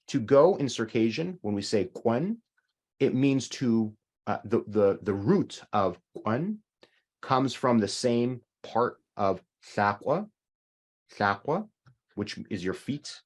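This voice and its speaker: A man teaching an online language lesson, explaining slowly and repeating sounds for learners. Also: on the low side, darkish tone, slightly rough.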